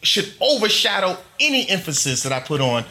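A man's voice: high-pitched, very animated, a little fast, pushed and bright. A middle-aged male pastor preaching a sermon to a congregation, emphatic, building long chanted lists. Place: church before a congregation.

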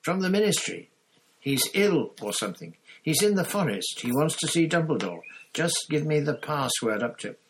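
A low-voiced, husky man voicing a panicky teenage boy wizard in a storybook reading, raising his pitch and pushing the words out urgently. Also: very animated, a little hiss or hum, poor audio. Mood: panicked. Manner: raised, hurried, pleading delivery.

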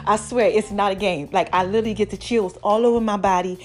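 A woman hosting her own podcast, talking casually and excitedly to her listeners, laughing often. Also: mid-range voice, fast talker, faint music behind. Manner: hyped, expressive, laughs often. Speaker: podcast host.

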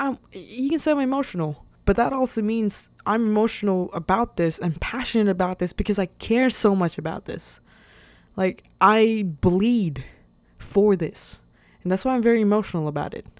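A woman's voice: fairly low pitch, no room sound. A young woman hosting a podcast, talking casually and motivationally with lots of fillers and frequent laughs. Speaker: podcast host.

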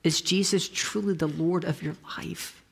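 A pastor preaching a conversational, storytelling sermon, often restarting phrases and dropping to a soft whisper for emphasis. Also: medium pitch, steady tone, a little slow, creaky, husky, in a large hall. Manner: frequent restarts and trailing phrases.

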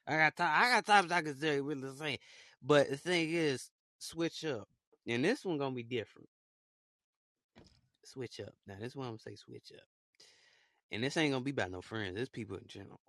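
A man's voice: mid-range voice, normal speed, pauses often, bright, forceful tone, dry recording, clean studio sound. A young man hosting a casual solo podcast, talking in a rambling, repetitive, heartfelt way. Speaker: podcast host.

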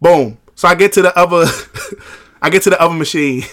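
Fast-talking bright-voiced man telling stories. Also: fairly high pitch. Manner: animated storyteller, acts out gym banter. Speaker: podcast co-host. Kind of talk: casual podcast chat.

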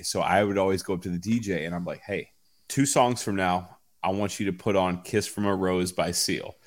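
A man in casual podcast chat, telling a story with lots of laughter and swearing. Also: low voice. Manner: animated storyteller, laughs often, swears freely. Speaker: podcast co-host.

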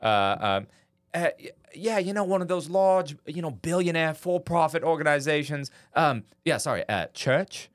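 A man riffing through casual podcast banter. His pitch swings widely as he rambles through jokes with halting restarts. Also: animated.

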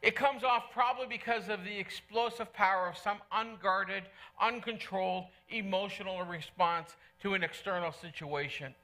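A man's voice: high-pitched, moderate pace, hardly any pauses, sharp tone. A middle-aged male pastor preaching a sermon in church, earnest and conversational, repeating key phrases for emphasis.

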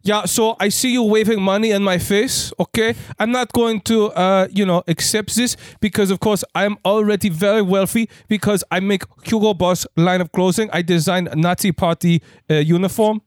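A man voicing a pompous German fashion designer officer in a put-on German accent, preening and halting, tacking on "yes?". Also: sits high, fairly even intonation, dry recording, studio quality, natural voice. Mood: smug. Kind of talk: improvised comedy sketch.

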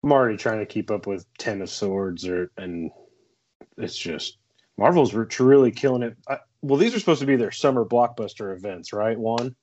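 A man co-hosting a podcast in relaxed casual chat, easygoing and reacting to the others. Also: lowish voice, moderate pace, highs cut off. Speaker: podcast co-host.

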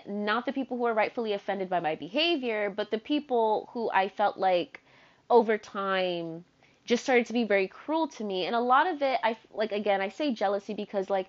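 A young woman in her twenties hosting a podcast, telling stories in a chatty, animated way, full of "like" and asides. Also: mid-range voice. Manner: chatty, animated, filler-heavy with frequent "like". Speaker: podcast host. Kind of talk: casual storytelling monologue. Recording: dull lo-fi sound.

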